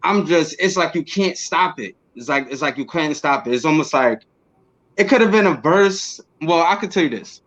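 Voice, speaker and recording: A man being interviewed, telling a personal story casually and acting out what he said back then with bursts of energy and laughs. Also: fairly high pitch. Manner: animated, acts out his own past words with quick bursts and laughs. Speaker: interview guest. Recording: slightly dull lo-fi audio.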